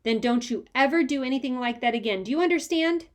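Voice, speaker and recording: A woman's voice: high voice, expressive, fast, voice pushed up. A woman voicing a stern but loving mother who scolds firmly and with emphasis in a storybook reading.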